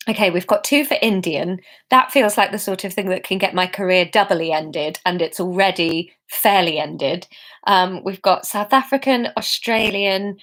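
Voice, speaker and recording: Chatty self-mocking woman storyteller. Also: fairly low pitch. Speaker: author reading her own story to a live audience. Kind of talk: casual storytelling with chatty asides.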